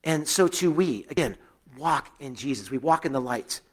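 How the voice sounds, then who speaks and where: A man's voice: medium pitch, expressive, normal speed. A middle-aged man giving a sermon as a pastor, telling personal stories in a loose, conversational way with frequent fillers and restarts.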